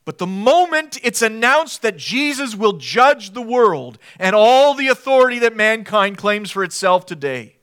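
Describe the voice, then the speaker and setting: A male pastor with a high, bright voice delivers an impassioned sermon. He builds to loud, emphatic declarations, then drops to hushed, low passages. He hammers his points home by repeating short phrases.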